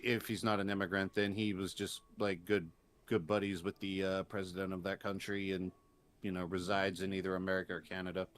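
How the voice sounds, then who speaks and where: A man with a fairly low voice rambles through his points on a casual podcast. He hesitates and restarts often and slips in jokes. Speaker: podcast co-host.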